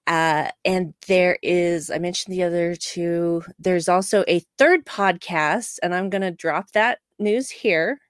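A woman's voice: lowish voice, unhurried, few pauses, no room sound, clean studio sound. A woman guest on a podcast in casual chat, direct and upbeat.

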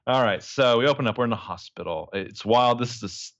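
A man's voice: medium pitch, quick pace, a bit bright, no echo, highs cut off. A man co-hosting a podcast, chatting casually and animatedly, joking and laughing as he talks. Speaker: podcast co-host. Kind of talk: casual chat.

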